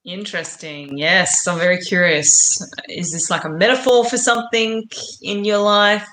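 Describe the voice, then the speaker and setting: A woman's voice: fairly low pitch, steady tone, moderate pace, sharp tone, echoey room, slight background noise, poor audio. A woman co-hosting a casual podcast, reacting with curious, teasing questions. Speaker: podcast co-host.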